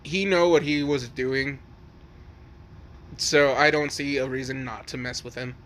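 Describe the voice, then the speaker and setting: A man voicing a calm, sly teenage boy who speaks in an unbothered, matter-of-fact way. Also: medium pitch, measured pace, natural voice.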